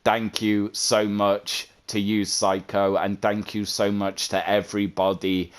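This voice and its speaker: A man's voice: lowish voice, little pitch movement, unhurried, clear, resonant tone. A man, a content creator, talking earnestly and at length in a vlog, often repeating himself. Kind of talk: heartfelt vlog monologue.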